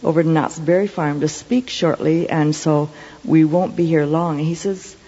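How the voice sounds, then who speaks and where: A middle-aged woman preacher tells a personal story in an earnest, measured way. Her voice is mellow and slightly breathy. It rings out with a long hall reverb on a dull, lo-fi recording. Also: deep voice. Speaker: Christian speaker. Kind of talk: storytelling sermon testimony.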